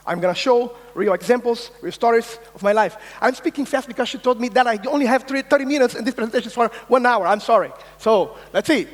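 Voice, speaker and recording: High-voiced man keynoting in a reverberant hall. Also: fast, hardly any pauses. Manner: energetic, insistent, swears, acts out quoted voices. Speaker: keynote speaker. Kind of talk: conference keynote talk. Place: large conference hall.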